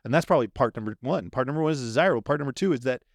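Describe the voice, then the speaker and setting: A man on a podcast as a guest, explaining his ideas in an animated way and acting out little quoted exchanges. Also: medium pitch, very fast. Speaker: dream manager guest. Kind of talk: podcast conversation.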